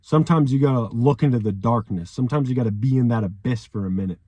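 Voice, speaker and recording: A man's voice: medium pitch, fast talker, warm tone, no echo. A young man giving an emotional, profanity-laced motivational monologue, often ending sentences with "man", with repeated phrases. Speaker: vlogger.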